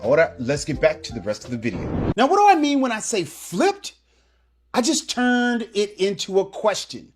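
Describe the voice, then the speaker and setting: A language teacher delivering a scripted video lesson in an encouraging, coaching manner, switching between English and Spanish phrases and repeating example sentences slowly for learners. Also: medium pitch, wildly swooping pitch.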